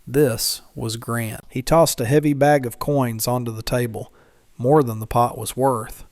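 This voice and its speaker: A man narrating a scripted Western story in a measured, dramatic way, and calling on listeners to comment and like. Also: medium pitch, fairly even intonation, a little mellow, no room sound, clean studio sound.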